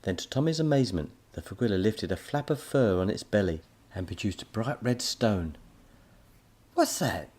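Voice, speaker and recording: Man, low husky voice, lively children's audiobook narration. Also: brisk. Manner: lively storytelling.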